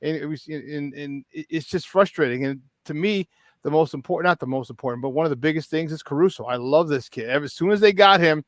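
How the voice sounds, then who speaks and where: A man hosting a morning sports talk show, telling stories in an animated, excitable way. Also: fairly high pitch, quick pace, dry recording, studio quality. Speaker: host. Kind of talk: casual sports radio talk.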